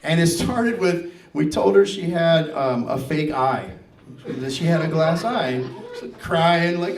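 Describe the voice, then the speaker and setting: A man's voice: fairly high pitch, expressive, unhurried. A man in his fifties doing a standup comedy set on stage, telling family stories and acting out the dialogue. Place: stage before a live audience. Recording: echoey venue, mic heard from a distance.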